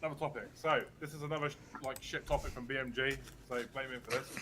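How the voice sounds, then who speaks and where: A man hosting a podcast, chatting casually, swearing freely and laughing loudly. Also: medium pitch, steady tone, fast talker. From United Kingdom. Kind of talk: casual chat.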